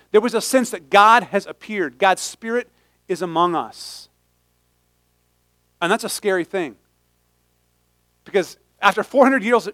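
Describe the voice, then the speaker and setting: A man with a fairly high voice preaches with lively humor. He often breaks off and restarts his sentences, and the recording is close and dry. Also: dry recording. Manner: animated, humorous, self-interrupting. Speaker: pastor. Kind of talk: sermon.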